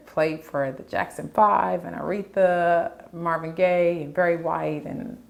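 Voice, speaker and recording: A woman's voice: fairly low pitch, gravelly. A middle-aged woman, a choir director and composer, answering interview questions with heartfelt storytelling. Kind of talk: interview answers, personal stories.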